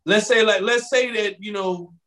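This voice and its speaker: A man hosting a podcast in casual chat, telling animated stories and acting out both sides of conversations into a microphone. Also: high-pitched, normal speed. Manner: animated storytelling, acting out exchanges with quoted voices. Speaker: podcast host. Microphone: studio microphone.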